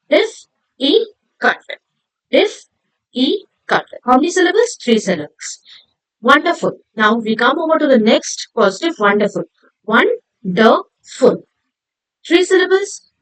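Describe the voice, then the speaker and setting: A woman teaching a grammar lesson, spelling words out slowly and asking and answering her own questions. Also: fairly high pitch, dry recording, rough recording. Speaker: English teacher.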